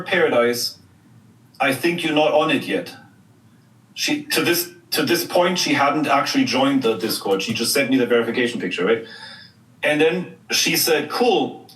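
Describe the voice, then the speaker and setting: A man's voice: a little high, fairly bright tone. A man with a German accent recounting events in a rambling, repetitive way on a livestream clip. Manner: rambling, repeats himself. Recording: echoey, distant, noisy clip.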